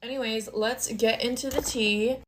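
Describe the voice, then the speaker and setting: A woman's voice: on the high side, fairly even intonation, moderate pace, a bit bright, slight background noise. A woman in her twenties telling a storytime into her phone, chatty and dramatic, full of "like" fillers. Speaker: storytime creator. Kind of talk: casual storytime chat. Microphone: phone camera.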